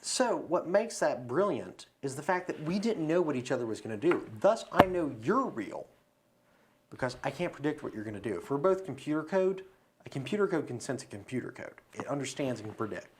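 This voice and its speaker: A man's voice: fairly high pitch, sing-song, brisk, background noise. A man as a podcast guest, talking through philosophy and telling a story in a casual conversation, recorded in a studio.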